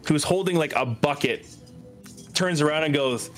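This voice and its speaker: A man narrating a tabletop game as game master, halting often with fillers. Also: a little high, fairly bright tone, soft background music.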